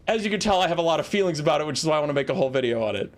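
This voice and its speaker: A man casting a strategy game in a lively, animated voice that leaps around in pitch. He sits a little higher than most men. He talks casually and breaks into exasperated rants. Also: rapid-fire, hardly any pauses. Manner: animated, ranting, exasperated outbursts. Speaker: game caster.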